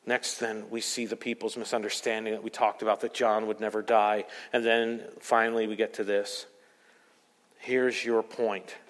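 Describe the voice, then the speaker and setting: A man preaching a sermon as pastor, emphatic, swinging between loud rising peaks and quiet low asides. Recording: long hall reverb.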